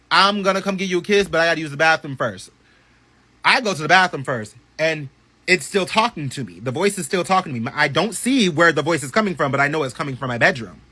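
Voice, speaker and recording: Man, casual storytime vlog, bright, forward tone, slightly high voice, animated and chatty, swears a lot. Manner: animated, profane, chatty storytelling with many asides.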